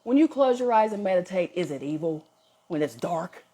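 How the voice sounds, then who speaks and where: A woman's voice: on the low side, lively intonation, moderate pace, mellow. A woman talking casually and bluntly on a live stream as a spiritual content creator, emphatic and often profane.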